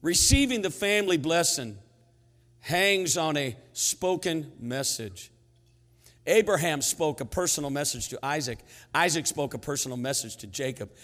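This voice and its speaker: A man's voice: a little high, moderate pace. Older male pastor, reverberant sanctuary. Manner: storytelling, animated and humorous, shifts between hushed and loud. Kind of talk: sermon. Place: church sanctuary. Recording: long hall reverb in sanctuary.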